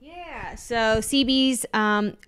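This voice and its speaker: A woman's voice: fairly high pitch, extremely slow, a bit bright, clean tone, no echo. Upbeat, chatty woman hosting an interview. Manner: upbeat, playful, chatty questioner. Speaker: host. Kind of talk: casual family interview chat.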